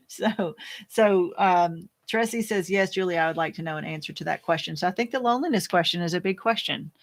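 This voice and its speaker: A woman hosting a casual live chat, reading viewer comments aloud and answering them in a rambling, fast-talking way with frequent laughs. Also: on the low side. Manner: chatty and rambling, laughs often, many restarts; talks fast by habit. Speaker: host.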